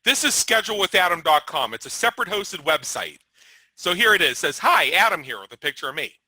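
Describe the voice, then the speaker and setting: A man's voice: high voice, sing-song, fast, bright, forceful tone, dry recording, poor audio. A man hosting a webinar presentation, talking through his scheduling page and answering questions in an upbeat, salesy manner. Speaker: webinar host.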